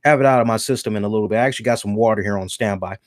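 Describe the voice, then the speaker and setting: A man's voice: lowish voice, very fast, no echo, clean studio sound. A man hosting a casual commentary show, talking bluntly and animatedly and swearing freely, hiccuping a little after some beer. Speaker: podcast host.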